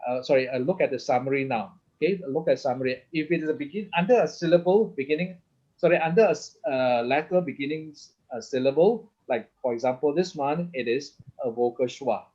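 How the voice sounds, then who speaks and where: A man's voice: mid-range voice, darkish tone. Guy teaching a lesson, keeps going okay? right?, lots of restarts, kinda dull lo-fi audio. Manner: halting, many restarts, keeps asking okay. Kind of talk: lesson explaining Hebrew vowel points. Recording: slightly dull lo-fi sound.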